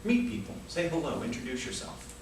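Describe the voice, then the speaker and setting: His pitch is fairly high and swoops wildly, his tone darkish, his pace a little fast. The man is telling a story with comic asides in a prepared humorous speech at a speaking club, recorded distantly in an echoey club room with a faint hiss or hum.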